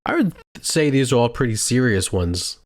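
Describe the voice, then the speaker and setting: A man's voice: medium pitch, normal speed. A young man co-hosting a casual podcast, steadily leading the topics and asking his co-host questions. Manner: steady, leads the segments, asks questions. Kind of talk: casual chat.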